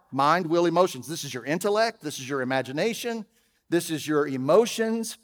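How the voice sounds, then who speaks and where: A man preaching a sermon as pastor, conversational, with humorous asides, swinging from loud emphasis to quiet. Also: a little high, in a large hall. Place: church auditorium.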